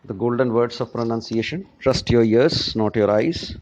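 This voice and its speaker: A man teaching a pronunciation lesson to students, speaking slowly and often checking in with "right?". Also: medium pitch, a little mellow, lo-fi sound. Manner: slow and deliberate, checks in with "right?". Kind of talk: classroom lecture on pronunciation.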